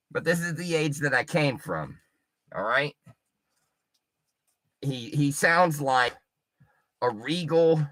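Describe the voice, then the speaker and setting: Brief: middle-aged male streamer, taunting and foul-mouthed, bright forceful tone, very dry sound. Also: high voice, no room sound. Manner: profane, taunting and mocking. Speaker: livestreamer. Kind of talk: rambling livestream rant.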